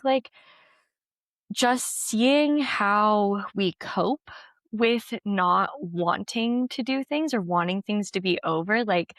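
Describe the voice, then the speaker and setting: A woman's voice: mid-range voice, no room sound, studio quality. A young woman, an ultrarunner, telling her race story in a casual interview, chatty with lots of "like" and frequent laughs. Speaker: ultrarunner guest.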